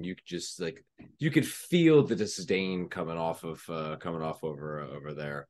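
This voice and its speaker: A man co-hosting a casual fan discussion, talking in a drawn-out, loose way with lots of fillers. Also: deep voice, a little mellow.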